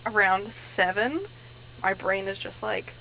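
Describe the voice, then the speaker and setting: A woman's voice: medium pitch, takes it slowly, gravelly, pushed and bright, lo-fi sound, slight background noise. A woman playing at a tabletop game, chatting casually and poking fun at herself. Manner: chatty, self-deprecating. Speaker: player.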